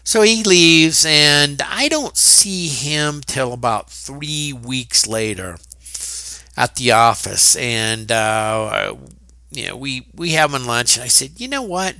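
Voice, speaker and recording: A man's voice: medium pitch, slow pace, pushed and bright, clean tone, dry recording. A middle-aged man, a real estate agent, casually telling a story with fillers and quoted dialogue. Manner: chatty anecdotal telling with fillers and acted quotes.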